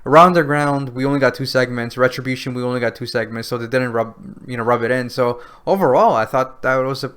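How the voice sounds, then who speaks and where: A man's voice: mid-range voice, fast talker, few pauses, a bit bright, clear, resonant tone. A man co-hosting a podcast, chatting casually and retelling scenes with quoted lines and lots of fillers. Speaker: podcast co-host. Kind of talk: casual recap chat.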